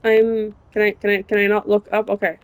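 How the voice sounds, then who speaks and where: A woman's voice: medium pitch, monotone, fairly quick, no echo. A young woman casually chatting and muttering to herself while playing a game, now and then swearing. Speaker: gaming streamer. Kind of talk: casual gameplay commentary.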